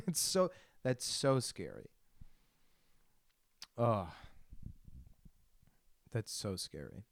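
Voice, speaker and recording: A man's voice: lowish voice, darkish tone, no room sound. Crude young man rambling on a podcast. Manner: crude, laughing, self-deprecating storytelling. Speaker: podcast host. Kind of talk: rambling solo podcast monologue.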